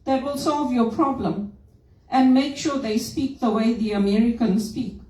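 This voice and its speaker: A woman's voice: a little high, measured pace, mellow. A middle-aged woman from Zimbabwe, with an accent often heard as British, speaking to a group in an outspoken, emphatic way and using many rhetorical questions. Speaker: HR professional. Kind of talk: personal talk to a group. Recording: roomy, distant mic.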